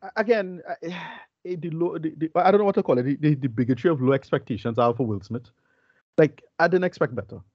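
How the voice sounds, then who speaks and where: A man's voice: a little high, lively intonation, fast talker, dry recording, muffled recording. A man co-hosting a podcast film review in casual chat, blunt and dismissive, often saying "like, look" and "whatever".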